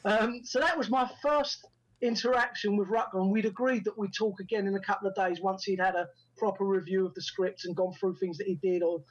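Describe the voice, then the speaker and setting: In a casual interview, a middle-aged man who acts and has directed his first film recounts anecdotes, performing the dialogue within them. He talks fairly quickly in a high-pitched voice with fairly even intonation, and the audio is dull.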